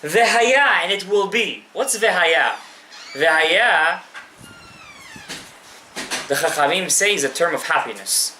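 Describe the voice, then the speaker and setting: Male rabbi teaching a live class, impassioned and direct, bright tone, swinging pitch, echoey room. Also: animated, slow pace, long pauses, a little hiss or hum. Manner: impassioned, addresses listeners directly, mixes in Hebrew terms. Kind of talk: live Torah class to an audience.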